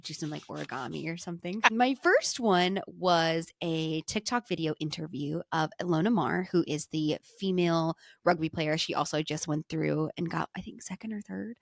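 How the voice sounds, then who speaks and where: A woman's voice: low-pitched, moderate pace, creaky, hardly any pauses, no echo, studio quality. A young woman co-hosting a podcast, chatting casually and enthusiastically with lots of fillers. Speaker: podcast co-host. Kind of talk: casual chat.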